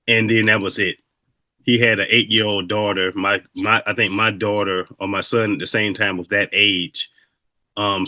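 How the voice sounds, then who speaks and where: A man's voice: lowish voice, pushed and bright, no echo. A man hosting a podcast, talking in a laid-back, reflective way with loose, rambling stories. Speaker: podcast host. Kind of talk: casual interview chat.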